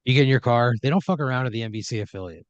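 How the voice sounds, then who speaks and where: A host narrates an improvised comedy scenario loosely and ramblingly, full of fillers, putting on voices for the characters. His medium-pitched voice races along, with no echo and the highs cut off.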